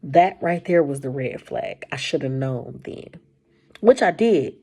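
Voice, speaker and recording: A woman casually telling a personal story to camera, animated and colloquial, her voice jumping high when she quotes herself. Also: a little slow, creaky, slightly rough. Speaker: storyteller sharing a personal testimony.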